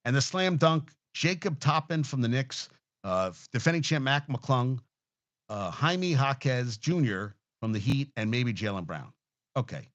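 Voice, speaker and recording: A man's voice: medium pitch, lively intonation, a little slow, a bit bright, muffled recording. A man hosting a sports talk show, ranting casually and heatedly with lots of swearing and restarts. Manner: profane, heated, rambling with restarts.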